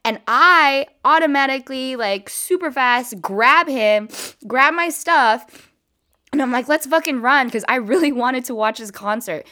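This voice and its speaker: A young adult woman recounting a wild night out for her viewers. Her telling is animated and chatty, packed with "like" and "you know" as she jumps from one moment to the next. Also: on the high side. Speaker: vlogger. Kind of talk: casual storytime.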